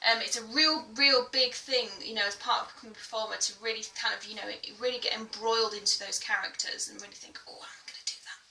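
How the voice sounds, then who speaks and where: A woman's voice: fairly high pitch, fairly even intonation, fast, vocal fry, hardly any pauses, bright, forceful tone, recorded from a distance, slight background noise. A woman singing teacher giving a chatty vocal tutorial, full of fillers and breaking into belted sung demonstrations. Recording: echoey room, a little off-mic, faint music.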